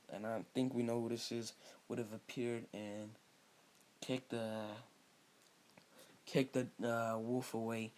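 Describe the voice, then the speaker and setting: A man improvising a fan-fiction story in a casual, rambling way, often stopping and restarting his sentences. His pitch is middling for a man. A faint hiss runs under the recording. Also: darkish tone. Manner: rambling, hesitant, with many fillers and restarts.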